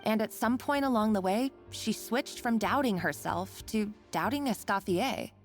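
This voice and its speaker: A woman's voice: medium pitch, normal speed, close to an everyday voice. A woman voicing an earnest young game character. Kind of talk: game dialogue. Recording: game audio with music.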